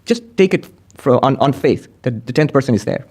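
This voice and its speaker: Animated male spiritual teacher. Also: brisk. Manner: animated, swinging between high emphatic and low quiet phrases. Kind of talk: spiritual talk with storytelling.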